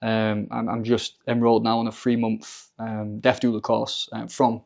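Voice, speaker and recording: Male podcast guest with an even, flat delivery, musing at length in loose casual talk. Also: lowish voice, normal speed, gravelly. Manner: thoughtful, rambling with fillers. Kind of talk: casual spiritual discussion.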